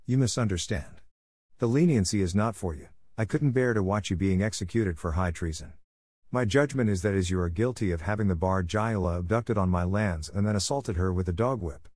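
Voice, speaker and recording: A man voicing a kindly, honorable older lord who speaks in a grave, measured way. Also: low-pitched, a little mellow, no room sound.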